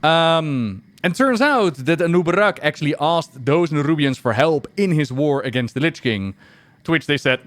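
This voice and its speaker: A man chatting casually while streaming a game, animated and laughing often. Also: a little high, unhurried, dry recording.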